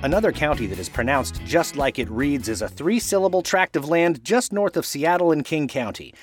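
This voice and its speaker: Lively, fairly high-voiced male podcast host. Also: faint music behind. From Washington state, USA. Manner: playful, corrects pronunciations slowly letter by letter. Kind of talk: scripted podcast narration.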